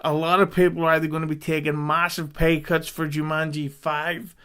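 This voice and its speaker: A man co-hosts a podcast, offering wry, critical takes in loose conversation. His voice is fairly high for a man, smooth and resonant. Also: flat delivery, a little fast, a bit bright. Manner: wry, dry critical commentary. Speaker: podcast co-host. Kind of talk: casual chat.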